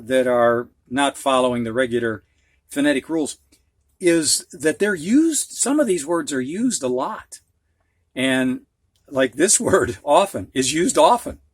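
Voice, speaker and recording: A man's voice: mid-range voice, no room sound. A man with a Midwestern accent teaching a phonics lesson, patiently explaining words with examples and asides. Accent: Midwestern American. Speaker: reading teacher.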